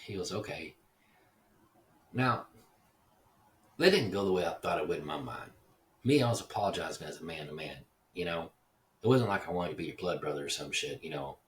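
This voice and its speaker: A deep-voiced man in a roomy, echoey space, a little far from the mic, with faint background noise. He tells a story in a casual, profane, rambling way and turns reflective as he goes. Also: expressive, brisk, pauses often. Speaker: podcast host. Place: echoey house.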